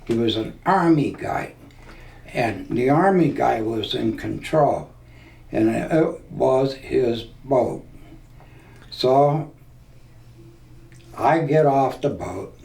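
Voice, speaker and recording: Older man, from Nebraska, slow folksy storyteller, distant mic, echoey room. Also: mid-range voice, animated, vocal fry, darkish tone. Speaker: veteran interviewee. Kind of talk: oral history storytelling. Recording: roomy, distant mic, faint hiss.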